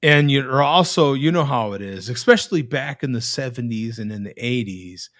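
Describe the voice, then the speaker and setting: A man's voice: mid-range voice, animated, normal speed, fairly bright tone, no room sound, studio quality. A man hosting a casual video-call chat, telling rambling stories with frequent tag questions. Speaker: host.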